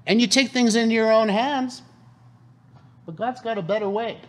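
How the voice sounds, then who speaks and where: A man's voice: high voice, a little fast. A man preaching a sermon in a conversational way, often asking the congregation questions. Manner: animated, conversational, asks the room questions. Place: church hall.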